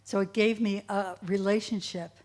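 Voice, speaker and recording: A woman's voice: mid-range voice, steady tone, normal speed, darkish tone. A middle-aged woman, the child of a Holocaust survivor, answering student questions at a school assembly, earnest and at times close to tears. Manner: emotional, tearful at times, earnest.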